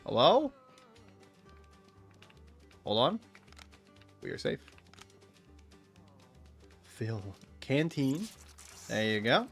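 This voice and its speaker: Male streamer, casual and profane, lively pitch swings, middle-pitched voice, reads game text aloud with jokey asides. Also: very slow, creaky, pauses often, faint music behind. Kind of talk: gameplay commentary.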